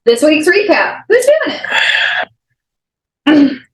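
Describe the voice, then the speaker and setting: A woman's voice: high-pitched, very animated, slow. A woman teasing her friends in playful, casual chat at a tabletop game. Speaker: tabletop player. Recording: echoey room.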